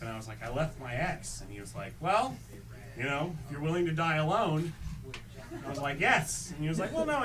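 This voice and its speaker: A young man doing stand-up comedy, telling stories in a deadpan way and acting out both sides of each exchange. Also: on the high side. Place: small theatre stage. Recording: distant mic with audience laughter.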